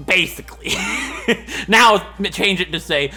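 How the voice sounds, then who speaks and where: Young male let's-play host, bright lively voice, rambling jokes. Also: high-pitched, unhurried, faint music behind. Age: 20s. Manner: rambling, joking, laughs a lot. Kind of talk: gameplay commentary.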